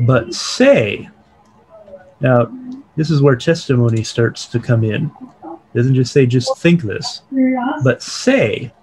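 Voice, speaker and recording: A man leading an online Bible study over a video call. He reads quoted passages aloud and then explains them calmly. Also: mid-range voice, slow pace, pauses often, husky, rough recording.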